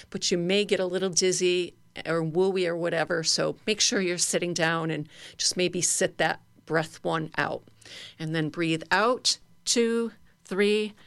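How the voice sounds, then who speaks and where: A middle-aged woman leading a guided laughter exercise class, playful, breaking into high silly laughs and fake sneezes. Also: no echo. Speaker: laughter yoga leader.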